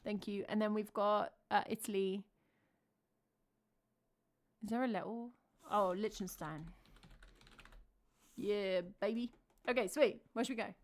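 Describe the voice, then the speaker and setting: A woman's voice: mid-range voice, moderate pace, long pauses. A woman with an English accent, chatting casually on a live stream, thinking aloud and answering her chat. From England.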